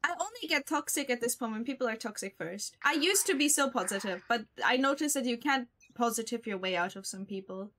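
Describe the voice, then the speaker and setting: A young woman streamer with a fairly high voice talks over her game in easy, casual chat. She jokes bluntly and playfully, tossing out teasing jabs at her opponents and friends. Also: lively intonation, fairly quick, few pauses, fairly bright tone, slight background noise. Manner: joking, blunt, playful trash talk.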